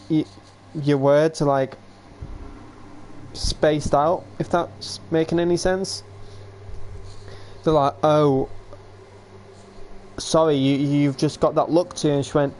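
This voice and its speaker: A man's voice: fairly high pitch, darkish tone, a little hiss or hum. A man telling a rambling story on a livestream, quoting others, yawning and hiccupping. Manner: rambling, quotes others with "I was like". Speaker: livestream host.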